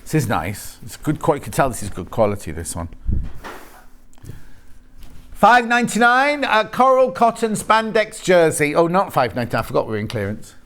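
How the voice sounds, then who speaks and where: Lively chatty shopping presenter man. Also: fairly high pitch, a little fast. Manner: chatty, jokey, bantering with off-camera crew. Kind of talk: live TV sales patter.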